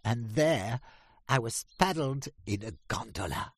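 A man voicing Drake, an excited male duck explorer, in a storybook reading, telling his friends eagerly about his travels. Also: medium pitch, measured pace, breathy edge, dry recording, pitched above the performer's own voice.

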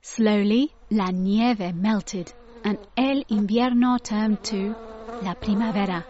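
A woman reading a children's storybook aloud, slow and clear, mixing in words from another language. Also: mid-range voice, mellow, a little hiss or hum. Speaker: storybook reader. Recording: dull lo-fi dry recording.

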